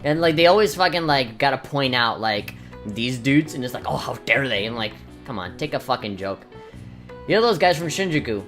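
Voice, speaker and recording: Low, lively crude game commentator. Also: female voice, moderate pace. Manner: crude, sarcastic, jokey. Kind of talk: let's play commentary. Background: game music.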